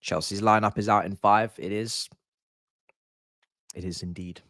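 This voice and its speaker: A man's voice: fairly low pitch, fairly even intonation, a little slow, a bit bright, dry recording, clean studio sound. A man streaming a live watch-along, chatty and slangy, with casual commentary on the match. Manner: chatty, slangy, groans and repeats "no" when annoyed.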